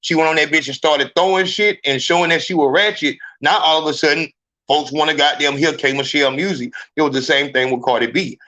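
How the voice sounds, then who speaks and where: A man hosting a live podcast, ranting in a profane, emphatic, animated way. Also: fairly high pitch, a little fast. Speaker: podcast host. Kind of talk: heated live podcast rant.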